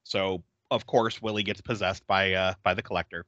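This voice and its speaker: A man hosting a podcast, casually recapping a horror film with animated storytelling and frequent laughter. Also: deep voice, moderate pace, no room sound, muffled recording. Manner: animated storyteller, acting out quotes and laughing often. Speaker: podcast host. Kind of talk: casual movie recap chat.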